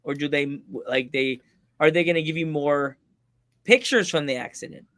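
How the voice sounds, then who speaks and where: A man's voice: fairly high pitch, fairly even intonation, normal speed, a bit bright. A man co-hosting a casual podcast chat, joking around and laughing often. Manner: jokey, laughs a lot, does goofy voices. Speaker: podcast co-host.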